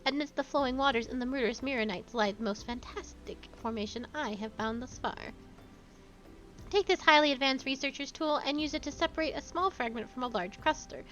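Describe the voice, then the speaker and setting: A self-important young male scholar speaks in grand, formal phrases, as a woman reads his lines aloud. The voice sits fairly high. The audio is slightly dull and lo-fi, with faint music underneath. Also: a little fast, a bit bright. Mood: eager. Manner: grandiose, formal reading of game dialogue.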